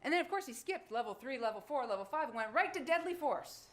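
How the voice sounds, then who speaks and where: A woman's voice: high-pitched, lively intonation, quick pace, a bit bright. Emphatic woman prosecutor, echoey courtroom. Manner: pointed rhetorical questions, emphatic. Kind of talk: courtroom closing argument.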